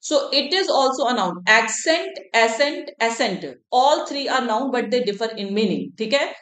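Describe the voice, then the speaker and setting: A woman's voice: on the high side, lively intonation, moderate pace, a bit bright, roomy sound. A woman with an Indian accent teaching English in an exam-prep class, switching between English and Hindi and often checking in with the students.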